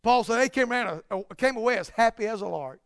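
A man preaching a sermon, building to loud, emphatic peaks and dropping to quiet, slow asides. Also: extremely high pitch, expressive, creaky, clean tone, dry recording, clean studio sound.

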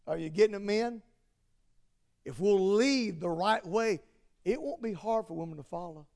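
A pastor delivers a Father's Day style sermon in a strikingly high voice with a gravelly edge. He moves from low, hushed asides to fervent shouting, pressing each point with repetition. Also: sing-song, a little slow, pauses often. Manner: swings from quiet asides to shouted exhortation.

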